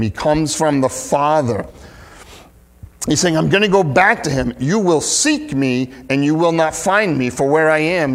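Lively, animated male preacher. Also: on the high side. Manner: animated, dramatic reading with emphatic rises. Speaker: pastor. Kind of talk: scripture reading and sermon.

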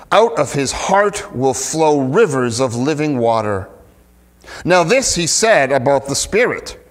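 Male pastor, higher-pitched, very expressive; reads scripture then preaches. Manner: animated, dramatic reading with emphatic rises. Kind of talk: scripture reading and sermon.

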